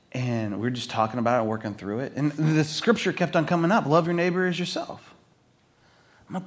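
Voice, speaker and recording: A man's voice: on the high side, animated, brisk, slightly rough. A middle-aged man preaching a conversational sermon, telling the story and acting out the people in it. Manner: conversational, storytelling, acts out quoted voices. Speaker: pastor.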